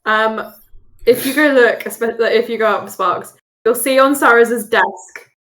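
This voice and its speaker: A woman's voice: on the high side, unhurried, a bit bright. A woman player in a tabletop game, chatting casually and relaxedly. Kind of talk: casual chat.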